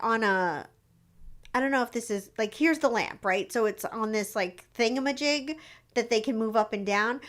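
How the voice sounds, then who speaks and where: A young woman hosting a live stream, rambling casually with lots of fillers and acting out quoted lines. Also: on the high side. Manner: chatty, rambling, lots of "like" and restarts; acts out quoted lines in her stories. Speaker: psychic livestream host.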